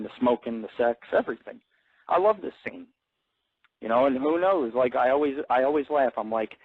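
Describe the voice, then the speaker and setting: A man's voice: mid-range voice, no room sound, narrow, tinny audio. A man hosting an internet radio show, rambling bluntly and swearing constantly in a casual monologue. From grew up in an Italian-American family.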